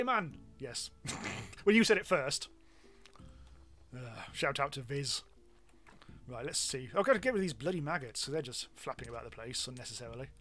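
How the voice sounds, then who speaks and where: A man's voice: a little high, fairly bright tone. A British man streaming a game live, chatting casually and rambling with self-mocking asides and frequent ums. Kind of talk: live gameplay commentary.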